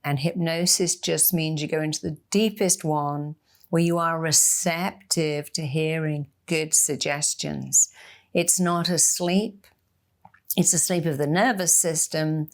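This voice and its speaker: Woman hypnotherapist, low-ish voice, expressive motivational talker. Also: unhurried. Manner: expressive, acts out inner voices in quotes. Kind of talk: motivational talk.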